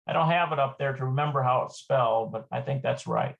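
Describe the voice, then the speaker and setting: A man teaching a casual language lesson, thinking aloud and slowly repeating words as he works through exercises. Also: medium pitch, muffled recording.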